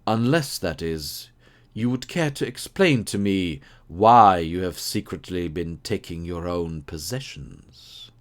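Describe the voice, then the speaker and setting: A man's voice: deep voice, expressive, takes it slowly. A man reading an audiobook, voicing a keen, precise male detective who explains his deductions. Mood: assured. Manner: crisp, assured, explaining.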